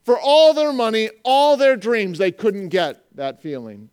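High, smooth-voiced man preaching. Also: unhurried. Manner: animated, acts out voices and jokes with the congregation. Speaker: pastor. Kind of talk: sermon.

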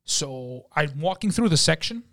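A young man hosting a casual chat, telling profane, animated stories about restaurant work. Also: on the high side, a little slow. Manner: profane, animated storyteller, acts out shouted quotes. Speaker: podcast host.

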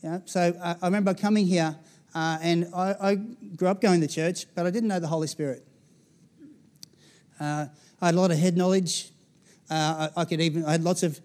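A man's voice: sits high, fairly even intonation, brisk, a little mellow. An Australian pastor in his forties giving a conversational sermon, often checking in with the congregation. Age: 40s.

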